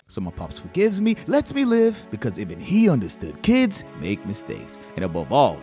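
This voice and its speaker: Animated young man telling a funny story. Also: moderate pace, few pauses, soft background music. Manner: animated, jumping pitch. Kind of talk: comedic story time narration.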